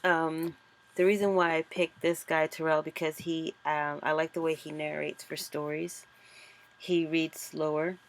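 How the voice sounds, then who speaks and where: A woman author chatting casually and thinking aloud as she walks through a screen-recorded tutorial. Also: low voice. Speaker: author and vlogger.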